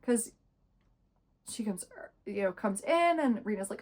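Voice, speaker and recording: A woman's voice: medium pitch, expressive, unhurried, long pauses, darkish tone. A young woman in her twenties, chatting casually and sarcastically while reviewing a book. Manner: chatty, sarcastic, many fillers. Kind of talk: casual chat.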